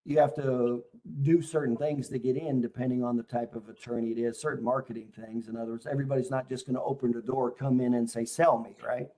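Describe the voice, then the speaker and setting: A man's voice: medium pitch, steady tone, fast talker, hardly any pauses, mellow. A man hosting a casual interview, a chiropractic consultant who asks leading questions in a coaching tone.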